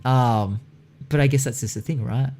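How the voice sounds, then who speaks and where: A man's voice: medium pitch, normal speed, a little mellow. A young man hosting a podcast, chatting casually, swearing often and slipping into mocking voices. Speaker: podcast host. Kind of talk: casual chat.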